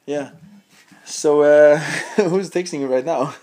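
Higher-pitched male comic guest from Sweden, easygoing and laughing. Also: slow pace. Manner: laughing, animated anecdotes. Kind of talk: casual chat.

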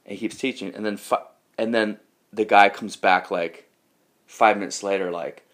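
A man, a comedian guest in a casual podcast chat, telling animated stories and acting out other people. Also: lowish voice, normal speed. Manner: animated storytelling, acts out other people with raised voice.

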